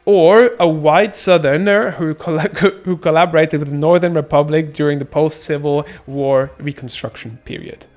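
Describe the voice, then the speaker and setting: A man's voice: a little high, fairly even intonation, normal speed, few pauses, a little mellow. A young man doing casual gameplay commentary, rambling and joking as he reads chat. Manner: joking, rambling, laughs often, silly sound effects. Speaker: streamer. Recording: faint music behind.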